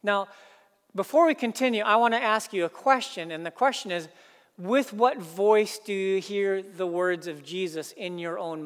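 A pastor preaching a sermon, earnest, building emphasis through repeated phrases. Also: male voice, sits high, fairly bright tone, long reverb tail.

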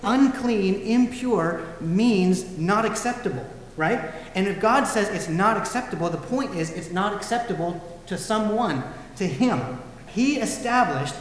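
A man's voice: high voice, animated, a little slow, a little hiss or hum. A man preaching a sermon in a conversational storytelling way, acting out the people he quotes. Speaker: pastor. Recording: echoey hall, faint ambience.

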